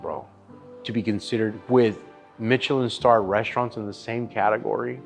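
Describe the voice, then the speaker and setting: Emphatic pitmaster with a profane streak. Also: male voice, lowish voice, steady tone, normal speed, vocal fry, soft background music. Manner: emphatic and profane, calls the listener dude and bro. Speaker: barbecue pitmaster and chef. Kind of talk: casual interview storytelling.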